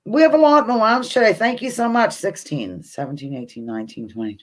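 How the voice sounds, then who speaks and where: Animated woman hosting a live quiz. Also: medium pitch. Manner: chatty, reads viewer comments aloud, talks to her dog between questions. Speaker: livestream host. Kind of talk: casual live-stream quiz chat. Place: home, indoors.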